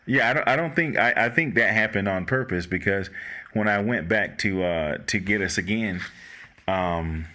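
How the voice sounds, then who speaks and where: A man's voice: on the low side, normal speed. A man hosting a casual talk show, a former radio voiceover man, chatting loosely with many restarts. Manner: relaxed, rambling, frequent restarts. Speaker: host. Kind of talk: casual chat.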